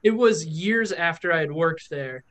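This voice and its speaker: A man with a slightly higher voice hosting a casual podcast. He rambles and circles back on himself, leaning heavily on filler words as he tells stories. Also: animated, a little slow, a bit bright. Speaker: podcast host.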